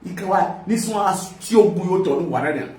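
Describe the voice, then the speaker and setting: High-voiced Nigerian man ranting loudly. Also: moderate pace, distant mic. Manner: loud, sing-song, switching between languages and pidgin. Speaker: live video host. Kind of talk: animated political rant. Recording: echoey room.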